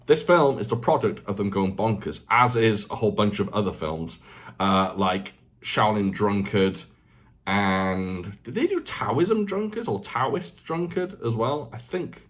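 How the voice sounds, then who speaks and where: A man in his forties talks straight to camera in a casual vlog, his husky voice swinging widely up and down as he rants. He mocks himself, swears freely and repeats phrases for emphasis. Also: lowish voice, animated, a little slow. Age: 40s. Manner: self-mocking, ranting, swears freely. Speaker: channel host. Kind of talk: casual unscripted vlog talk.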